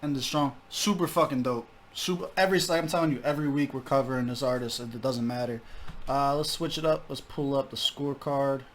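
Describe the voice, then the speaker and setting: A man's voice: mid-range voice, a little fast, slight background noise. A young man hosting a casual music review, candid, profane and enthusiastic. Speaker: music reaction host. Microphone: desk microphone.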